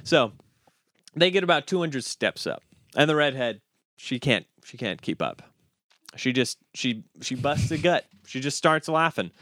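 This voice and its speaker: A man hosting a podcast, telling jokes in an animated, chuckling way and often repeating himself. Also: mid-range voice, measured pace, no room sound, clean studio sound. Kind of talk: casual joke-telling chat.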